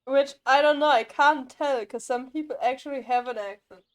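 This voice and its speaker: A woman's voice: high-pitched, moderate pace. A young woman streaming a game live, chatting casually and rambling with frequent laughs.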